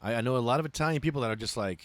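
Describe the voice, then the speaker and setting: A man hosting a podcast, ranting in a casual, profane and animated way. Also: medium pitch, very fast, no room sound. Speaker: podcast host.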